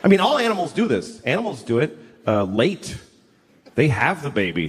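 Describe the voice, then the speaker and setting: A sardonic man doing a stand-up set on a club stage, building to shouted rants, over a loud crowd. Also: a little high, wildly swooping pitch, moderate pace, slight background noise. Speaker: stand-up comedian.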